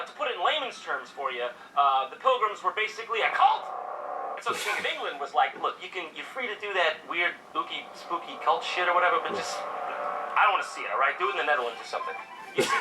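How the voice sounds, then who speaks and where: A high, very bright man narrating history as comedy, sarcastic and swinging wildly in pitch. He swears freely and puts on mock outrage. The voice sits slightly away from the mic. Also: far from the mic, poor audio.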